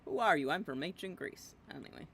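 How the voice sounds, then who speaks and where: A woman's voice: sits low, expressive, a little fast, vocal fry, fairly bright tone, slightly rough. A woman streaming a video game in casual, rambling chatter, often giggly and jumping between topics, sometimes mumbling to herself while she eats. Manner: talks while eating, mumbling "yum" and "nom" to herself.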